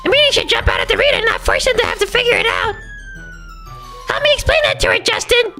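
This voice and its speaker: A man's voice: extremely high pitch, wildly swooping pitch, quick pace, pushed and bright, soft background music, voice pushed up, full character voice. A man voicing a bratty, blunt teenage girl from a story game in a pushy, impatient way. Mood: insistent. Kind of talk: voice acting while reading a game.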